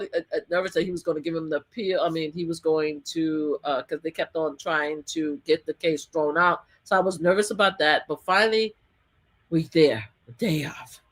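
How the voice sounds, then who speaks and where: A woman guest, a survivor advocate, tells a story in an animated interview. She laughs often and acts out what people said. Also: lowish voice.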